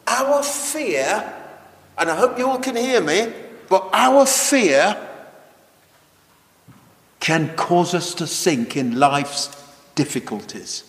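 A man preaching a children's sermon, animated and exclaiming, asking the children questions. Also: sits high, slow pace, pauses often. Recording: echoey hall.

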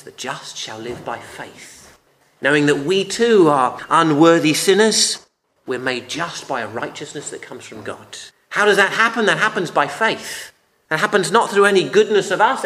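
A man giving a Bible teaching talk, earnest and emphatic, often dropping to a quiet voice on key phrases. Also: a little high. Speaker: preacher.

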